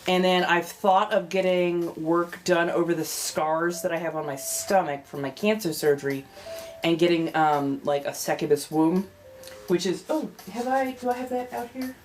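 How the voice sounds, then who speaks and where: A woman with a relaxed Californian accent talks in a lower register, drifting loosely from topic to topic. She breaks off now and then to welcome arriving viewers. Soft music plays faintly behind her. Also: normal speed. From California, United States. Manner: rambling, chatty, greets viewers warmly as they arrive. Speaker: livestream host. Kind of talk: casual livestream chat.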